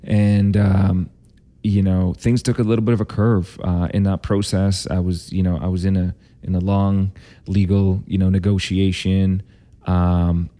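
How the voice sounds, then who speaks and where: A man's voice: low voice, level tone, unhurried, dark tone. A man telling a candid personal story, emphatic, with many fillers and repeated words. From Canada. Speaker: vlogger.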